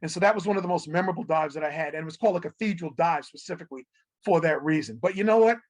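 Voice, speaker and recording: A middle-aged man, a guest on an interview show, telling animated stories and acting out what people said, laughing often. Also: on the high side, rapid-fire. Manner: animated storyteller who acts out quotes, laughs often. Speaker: guest, television executive. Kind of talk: casual interview storytelling.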